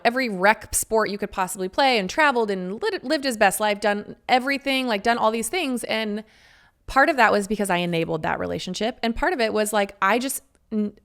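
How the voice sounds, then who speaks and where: A woman in her thirties talks through her own story on her podcast, chatty and unguarded, with casual swearing along the way. Her voice sits at a middle pitch with a gravelly fry running through it. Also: a bit bright. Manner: chatty, frank, swears freely, laughs between phrases. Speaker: podcast host. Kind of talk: candid personal storytelling.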